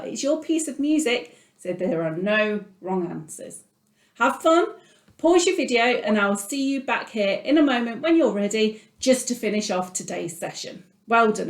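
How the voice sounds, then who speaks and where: A woman music teacher guiding children patiently through an online lesson, talking them through her drawing as she goes. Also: mid-range voice. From England. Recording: echoey room.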